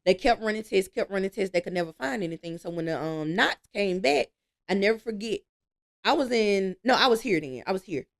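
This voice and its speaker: A woman, telling stories with lively energy and easy laughs as a guest in a casual interview. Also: medium pitch, brisk. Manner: lively storytelling, laughs easily.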